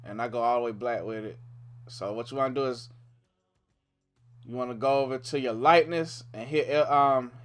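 A man's voice: mid-range voice, steady tone, moderate pace, long pauses, soft background music. A young man giving a laid-back, casual walkthrough of a video game, thinking aloud with frequent "man" and "um". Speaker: gaming YouTuber. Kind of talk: casual game tutorial commentary.

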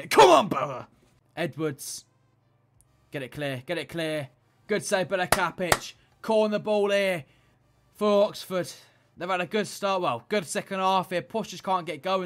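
A young man commentating his own football video game match, excitable and shouting at the referee. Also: high-pitched. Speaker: gaming YouTuber.

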